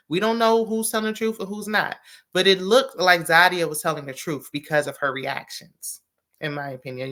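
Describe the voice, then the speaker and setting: A woman doing a casual recap vlog of a reality dating show, sassy and animated, acting out what the cast said and laughing often. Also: lowish voice. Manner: acts out quoted cast members. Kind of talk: casual commentary.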